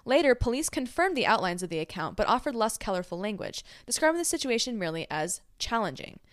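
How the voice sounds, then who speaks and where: Woman cohost reading celeb news out loud fast, dry mic, no room sound. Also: fairly high pitch, very animated, no room sound. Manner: reads news articles aloud briskly. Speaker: podcast co-host. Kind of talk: casual celebrity news chat.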